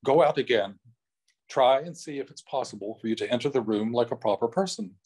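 A man voicing a stern, surly giant of a headmaster in a read-aloud novel, severe and then calm and distracted. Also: mid-range voice, a little fast, breathy edge, natural voice, low-quality recording.

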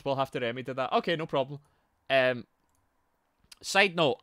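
A young man with a Geordie accent streaming a video game live, swearing, yelling and shouting out to his chat. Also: mid-range voice, no room sound. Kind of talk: live gameplay commentary.

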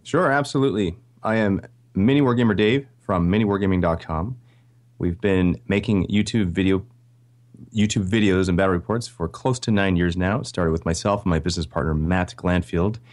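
A man from Canada speaks with a Canadian accent and a notably deep, low voice. He chats as a podcast guest, friendly and grateful, with a light, self-deprecating touch. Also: a little fast, a little mellow. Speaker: podcast guest, video creator. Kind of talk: casual interview chat.

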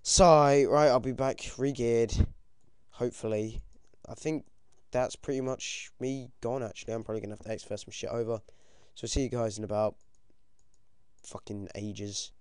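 A British teenage boy giving casual, excitable commentary over his own game, swearing often and yelping when things go wrong. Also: mid-range voice, normal speed, smooth, dry recording. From United Kingdom. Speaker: gaming commentator.

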